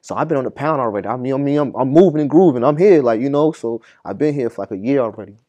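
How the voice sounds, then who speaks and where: A young man from Boston telling a story as a podcast guest, in an animated, slangy way that gets loud as the story builds. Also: mid-range voice, fast talker, no room sound. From Boston, Massachusetts. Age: young adult. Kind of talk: casual storytelling.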